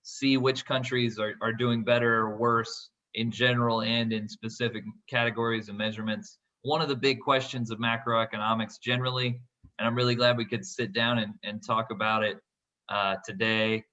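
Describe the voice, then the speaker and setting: A man's voice: mid-range voice, level tone, moderate pace, pushed and bright, dull audio. A man hosting a podcast, chatting casually about economics in a friendly way with frequent restarts. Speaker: podcast host.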